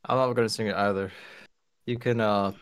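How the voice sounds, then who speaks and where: An Australian man in casual podcast chat, animated and teasing. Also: fairly low pitch, a little fast, clear, resonant tone, no echo. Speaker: podcast co-host.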